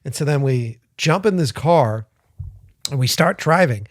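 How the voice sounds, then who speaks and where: A man's voice: mid-range voice, a little slow, no echo, studio quality. A man co-hosting a podcast, telling a rambling, profane story and acting out the voices in it. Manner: profane, rambling, lively retelling with quoted voices. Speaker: podcast co-host. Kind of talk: casual storytelling.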